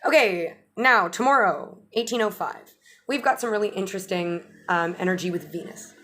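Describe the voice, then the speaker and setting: A woman's voice: medium pitch, moderate pace, a bit bright, a little hiss or hum. A woman giving a casual astrology update, chatty and loose, restarting phrases and swearing now and then. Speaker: astrologer vlogger.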